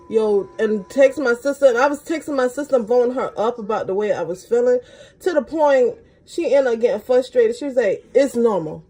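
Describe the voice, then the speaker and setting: A young woman, a beauty vlogger, telling a casual story while doing her makeup, with slangy talk that jumps high in pitch when she gets excited. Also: breathy edge.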